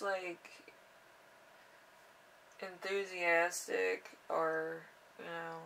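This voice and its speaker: A young woman giving a casual tarot reading in an unhurried, rambling way with drawn-out fillers. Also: fairly low pitch, flat delivery, gravelly, sharp tone, distant mic, slight background noise, poor audio. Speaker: tarot reader.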